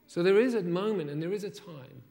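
A man's voice: high voice, brisk, creaky. Preacher man in an echoing hall. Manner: emphatic, rising to loud repeated phrases then dropping soft. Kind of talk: sermon. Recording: long hall reverb.

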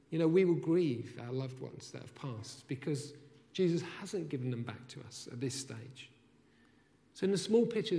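A man preaching a sermon, emphatic, rising to loud repeated phrases and then dropping soft. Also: sits high. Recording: long hall reverb.

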